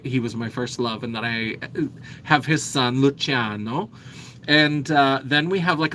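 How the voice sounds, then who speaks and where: A man hosting a relaxed livestream, chatting in a rambling, self-deprecating way. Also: mid-range voice, a little hiss or hum. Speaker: livestream host. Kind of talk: casual livestream chat.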